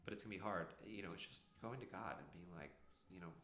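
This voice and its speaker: Deep-voiced guy in his 30s, bright edge, echoey room, earnest and rambly. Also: fast talker. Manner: earnest, rambling with many fillers. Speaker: podcast guest. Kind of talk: casual storytelling.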